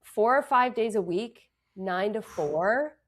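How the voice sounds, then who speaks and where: A woman's voice: medium pitch, animated, takes it slowly. Earnest, reflective Canadian woman. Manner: reflective, earnest, many fillers. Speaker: actress and dancer, interview guest. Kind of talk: conversational interview.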